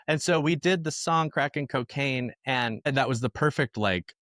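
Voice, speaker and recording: A man, a musician guest on a podcast, telling lively conversational anecdotes in a casual storytelling style. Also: medium pitch, moderate pace, no room sound.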